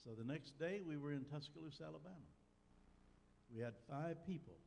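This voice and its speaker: An older pastor with a fairly high, creaky yet mellow voice preaches animatedly and briskly, telling a folksy personal story with dry humor. The sanctuary recording has long reverb, faint ambience, and a little hiss or hum.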